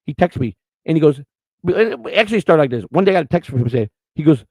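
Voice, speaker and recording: Middle-aged man, podcast host, rapid-fire delivery, dry close sound, blunt and emotional. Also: fairly high pitch, animated, darkish tone, dry recording, poor audio. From Chicago. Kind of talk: personal life storytelling.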